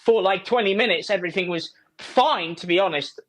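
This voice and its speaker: A man's voice: high-pitched, fairly quick, a bit bright. A man arguing with his partner, pleading and repeating accusing questions, heard through a warped phone voice memo. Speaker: man in a played recording of an argument. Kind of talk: heated argument with a partner.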